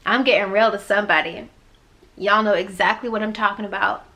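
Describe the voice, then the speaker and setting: A woman's voice: steady tone, brisk. A woman giving a motivational spiritual talk as a life coach, emphatic and repetitive with a chatty "like". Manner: emphatic and preachy, acting out God's voice with loud high swoops; repetitive, conversational, with frequent "like". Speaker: life coach and podcast host.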